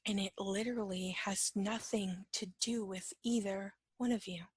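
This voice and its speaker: Her voice is medium-pitched, steady in tone and slightly rough, at a moderate pace with no room sound. As an empath teacher she gives an informal lesson conversationally, asking "right?" again and again, performing little dialogues and now and then whispering softly.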